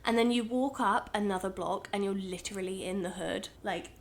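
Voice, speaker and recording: A woman's voice: medium pitch, moderate pace, slight background noise. A young woman, co-hosting a casual podcast chat and telling stories with plenty of laughs. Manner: chatty, laughing storyteller. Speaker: podcast co-host.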